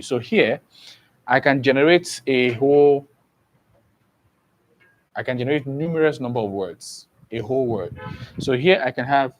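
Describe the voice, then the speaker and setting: A man's voice: mid-range voice, rough recording. A man teaches an online exam-prep lesson at an easy pace. He repeats each point several times and keeps checking that his students follow. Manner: slow, repetitive explaining with frequent "okay?" checks.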